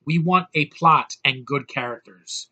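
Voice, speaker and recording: A man's voice: fairly high pitch, a little slow, sharp tone, highs cut off. A man giving an exasperated, profane movie review rant, with heavy emphasis. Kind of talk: ranting movie review vlog.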